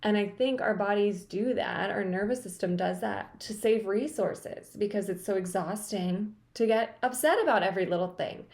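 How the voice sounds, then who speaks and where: A woman host speaking softly and thoughtfully to camera, a little emotional, with many casual fillers. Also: mid-range voice, normal speed, hardly any pauses. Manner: soft, thoughtful, with frequent fillers. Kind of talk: reflective personal talk to camera.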